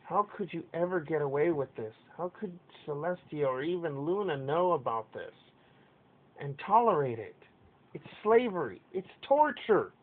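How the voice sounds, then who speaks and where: A man voicing a defiant young pink female pegasus pony who shouts in outrage. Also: lively intonation, normal speed. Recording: tinny lo-fi with faint rumble.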